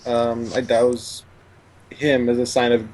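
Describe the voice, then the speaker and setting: A man's voice: medium pitch, little pitch movement, slow, noisy background. A man playing a tabletop game, hesitant and repeating words, laughing along. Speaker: player. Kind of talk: casual tabletop game play.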